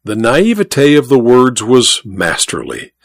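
Expressive male audiobook narrator, dry close sound. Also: medium pitch, no room sound. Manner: expressive, measured storytelling. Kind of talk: scripted narration.

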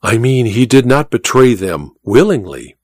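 A man's voice: mid-range voice, very animated, unhurried, a little mellow, no echo. A man voicing a suave, scheming colonel in an audiobook reading, deferential and precise. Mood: urbane. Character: scheming male colonel, suave courtly torturer. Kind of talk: audiobook character voice.

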